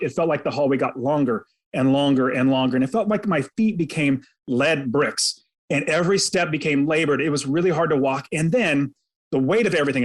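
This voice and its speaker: A real estate investor appearing as a podcast guest, this man tells a personal story in a fairly high, fairly bright voice. He is earnest and dramatic, drawing the listener in by describing events in the present tense, and his telling has a sincere, faith-minded tone.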